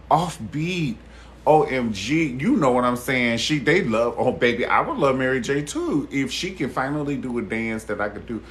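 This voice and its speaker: Male stream host, sassy and expressive, very lively pitch, casual gossip with his viewers. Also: a little hiss or hum. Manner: sassy and expressive, calls listeners honey and baby; swears freely and laughs loudly. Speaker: host of a live chat stream.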